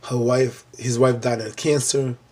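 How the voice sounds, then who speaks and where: Animated husky man recapping a show. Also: mid-range voice, unhurried. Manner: animated storytelling with churchy exclamations and acted-out lines. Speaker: TV episode reviewer. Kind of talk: casual recap vlog.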